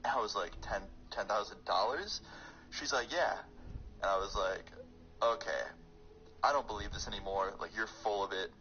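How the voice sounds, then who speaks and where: A young man telling a rambling, excitable storytime on his vlog, full of fillers. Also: fairly low pitch, normal speed, dull audio, slight background noise. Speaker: YouTuber storyteller.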